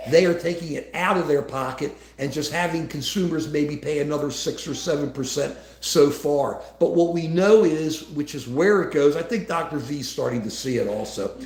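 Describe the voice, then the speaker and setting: Gravelly, rambling male livestream host. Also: on the high side. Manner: rambling, restarts, conversational. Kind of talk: casual political talk. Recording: echoey room.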